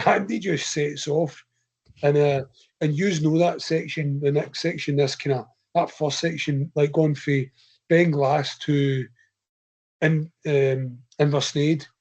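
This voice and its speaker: A man's voice: fairly high pitch, fairly even intonation, takes it slowly, darkish tone. A man with a Scottish accent, a podcast guest telling a chatty, rambling anecdote in a casual way and laughing often. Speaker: podcast guest, ultra runner. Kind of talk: casual storytelling. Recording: slightly dull lo-fi podcast audio.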